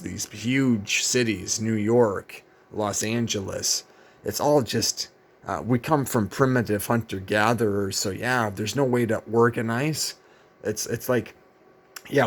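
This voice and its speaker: A man vlogging in a rambling, casual monologue, weary and profane, with many fillers and restarts. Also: lowish voice.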